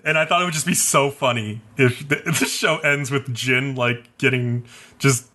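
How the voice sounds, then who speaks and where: A man's voice: medium pitch, moderate pace. A man co-hosting an anime podcast, chatting casually and laughing often. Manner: laughing, animated. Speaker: podcast co-host. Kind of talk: casual chat.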